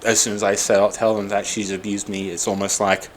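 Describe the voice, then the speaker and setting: A man's voice: fairly low pitch, level tone, brisk, a little hiss or hum. A man in his forties, upset and exhausted, venting in a bitter, raw personal monologue full of swearing. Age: 40s. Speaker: vlogger.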